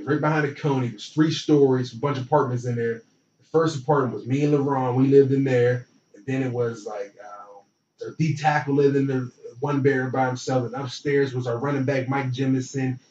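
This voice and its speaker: A young man telling a college football story in relaxed, slangy talk, acting out what others said. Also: medium pitch, a little hiss or hum. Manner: relaxed, slangy, animated retelling with quoted dialogue. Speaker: former football player, guest. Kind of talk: casual storytelling. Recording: roomy, distant, dull lo-fi sound.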